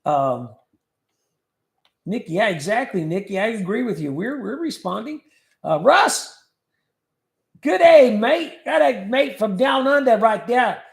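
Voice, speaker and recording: A man's voice: high-pitched, lively intonation, moderate pace, vocal fry, echoey room. A man hosting a casual livestream, reading viewer comments aloud and joking about them. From California. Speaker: livestream host reading chat.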